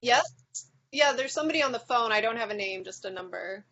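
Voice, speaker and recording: A woman's voice: on the high side, lively intonation, brisk, fairly bright tone, highs cut off. Hesitant, thoughtful woman leading a reading. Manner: thoughtful, hesitant with many ums and restarts. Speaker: reading group leader. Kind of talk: discussion and reading aloud.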